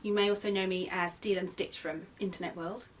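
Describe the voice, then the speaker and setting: A woman's voice: medium pitch, fairly even intonation, fairly quick, slight background noise. A young English woman, a crochet designer, teaching a beginner's tutorial in a chatty, friendly way that often corrects itself as she goes. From England. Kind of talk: casual tutorial.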